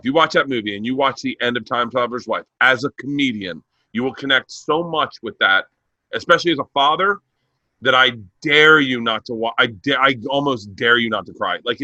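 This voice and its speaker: Bright-voiced man telling animated stories. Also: mid-range voice, brisk, no room sound, muffled recording. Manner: animated storyteller who acts out voices and laughs hard. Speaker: stand-up comedian. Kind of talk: casual podcast chat.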